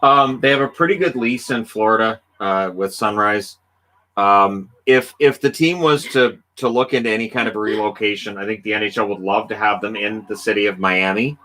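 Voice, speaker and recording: A man's voice: on the low side, normal speed, pushed and bright. A middle-aged man hosting a casual livestream, talking in an easygoing, rambling way with frequent ums while playing a hockey video game. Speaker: livestream host.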